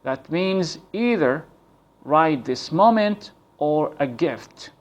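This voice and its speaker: A man teaches English pronunciation at an unhurried, careful pace. His voice sits somewhat high for a man. He repeats key points and sounds out example words slowly. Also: lively intonation. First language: Arabic. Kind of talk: slow, deliberate pronunciation lesson.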